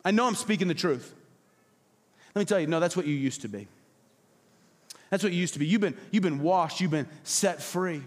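A man preaching a passionate sermon as pastor, emphatic and repetitive, at times dropping to soft, low tones. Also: lively intonation, fairly quick, in a large hall. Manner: acts out quoted voices, drops to soft low tones. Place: church hall.

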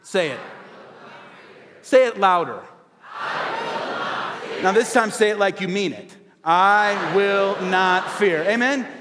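A man's voice: high voice, fairly bright tone. A male pastor preaching a sermon to his church, with emphatic repeated refrains and call-and-response. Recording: hall reverb.

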